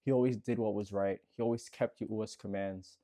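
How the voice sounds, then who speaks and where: A man with a low, mellow voice tells a scripture story as encouragement. He talks casually and earnestly, repeats words for emphasis, and addresses the listener directly. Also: steady tone, brisk. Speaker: bible storyteller.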